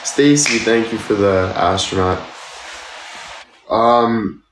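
A livestreamer in his twenties chats casually and thanks viewers for their gifts, sounding tired and sore. His voice is low-ish and slow, recorded in an echoey room with background noise.

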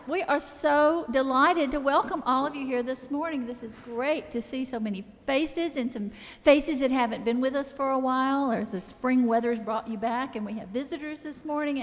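A woman worship leader welcomes the congregation and runs through announcements, loose and chatty, with "uh"s and restarts. Her voice is loud and a little high. It rings out with a long reverb in the church sanctuary. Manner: informal, chatty, with fillers and restarts.

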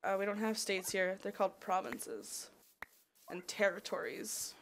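A Canadian woman livestreams a modded block game, rambling and chatting casually while saying "like" a lot. Her mid-range voice is animated but measured in pace, and the noisy home stream picks up mouse clicks.

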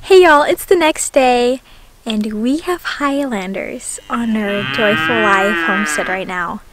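A woman with a Texan accent chatting excitedly to her camera outdoors on her farm, saying y'all constantly. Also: a little high, measured pace, soft background music. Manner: bubbly, says y'all constantly. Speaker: homestead vlogger. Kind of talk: casual chat to camera.

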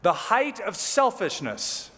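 A man's voice: high voice, sing-song, slow, pushed and bright. A man preaching a verse-by-verse sermon as pastor, reading scripture aloud and then explaining it with casual, conversational asides. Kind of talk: expository sermon. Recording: hall with long reverb.

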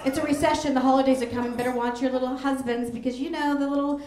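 A woman in her forties performs a brash, rambling stand-up set on a comedy club stage with a handheld mic, breaking into squealing voices. Her high voice holds a steady tone at a quick pace, and the echoey room is noisy with crowd sounds and audience laughter.

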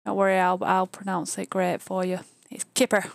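A woman with a Northern English accent chatting casually and excitedly as co-host of a live stream. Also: lowish voice, brisk, vocal fry, no echo. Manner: chatty and talkative, easily excited.

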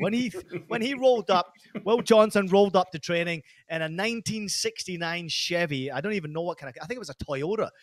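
A man's voice: fairly high pitch, no room sound, clean studio sound. A middle-aged man from Scotland hosting a podcast, telling rambling, profane stories with lots of energy. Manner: animated, swears constantly, rambling storytelling. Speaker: podcast host. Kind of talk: casual profane chat.

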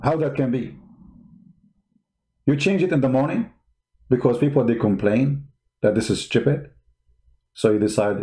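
A man's voice: mid-range voice, expressive, normal speed, long pauses, mellow. A man giving mocking, emphatic commentary on video clips as a show host.

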